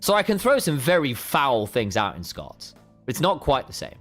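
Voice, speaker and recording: A man chats casually to viewers of a live stream during a break in the match broadcast. His pitch moves around a lot as he rambles, restarts sentences and doubles up words. Soft music plays faintly in the background. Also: huge pitch swings, moderate pace. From United Kingdom. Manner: rambling, self-interrupting, repeats words. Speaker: esports co-caster.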